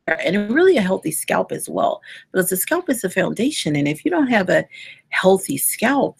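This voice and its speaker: Husky lady, kinda low, gravelly voice, chatting earnestly about hair care to her listeners. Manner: earnest, conversational, with frequent restarts. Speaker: hair care specialist and author. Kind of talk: casual advice talk to listeners.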